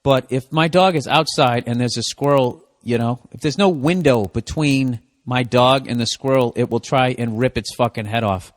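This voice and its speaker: A man's voice: mid-range voice, normal speed, few pauses, dry recording, clean studio sound. A man hosting a solo comedy podcast, ranting in a profane, sarcastic, rambling way.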